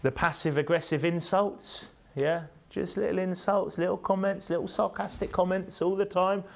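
Man, preaching, rising emphatic peaks, low tag questions. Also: fairly even intonation, moderate pace, creaky, hardly any pauses. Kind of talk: sermon.

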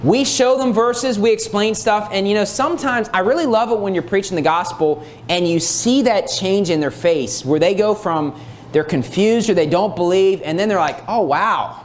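A man's voice: sits high, moderate pace, a little hiss or hum. Emphatic male preacher reading scripture. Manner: emphatic, repeats key phrases, reads scripture aloud. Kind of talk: sermon.

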